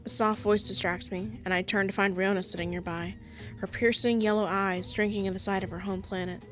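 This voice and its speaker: A woman's voice: medium pitch, fairly even intonation, a little fast, faint music behind. A woman with a sore throat, reading a visual novel aloud and breaking off into casual, self-mocking asides. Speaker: game streamer.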